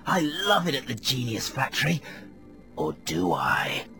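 Brooding, whispery film star , put on by a male radio host — low-ish voice, over-the-top drama, music underneath. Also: huge pitch swings, measured pace. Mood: gushing. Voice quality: breathy stage whisper. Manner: melodramatic, self-mocking monologue.

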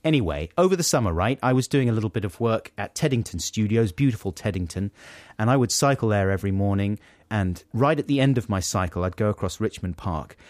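A man's voice: fairly low pitch, a little mellow, no echo. A man hosting a radio show, telling an exasperated, self-deprecating anecdote in a casual way. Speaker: radio host.

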